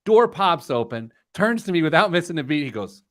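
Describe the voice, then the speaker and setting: Male host, lively storyteller with a very expressive voice, dry close sound. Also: a little high, brisk, no room sound. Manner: animated joking storyteller. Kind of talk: casual show banter.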